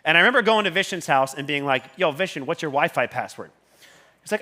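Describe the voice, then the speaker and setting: Male stage speaker, high lively bright voice, swears a lot, loud bursts of excitement. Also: quick pace. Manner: swears constantly, loud surges when excited. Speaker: conference speaker. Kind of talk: motivational stage talk. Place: stage at a conference.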